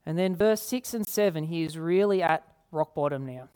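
A woman preaching a sermon, earnest, repeating key phrases and slowing down to read scripture. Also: low voice, mellow, clean tone. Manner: slows down to read scripture aloud.

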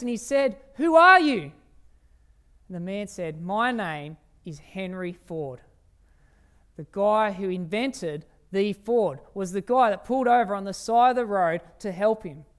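A preacher giving an evening sermon in an emphatic way, slowing down on key phrases and asking the listeners rhetorical questions. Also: medium pitch, clean tone.

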